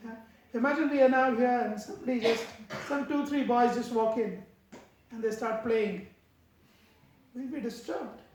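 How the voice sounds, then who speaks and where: A man giving a devotional lecture and telling stories in a measured way. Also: very high-pitched. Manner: measured, acts out quotes in the stories. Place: temple hall. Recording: very echoey hall.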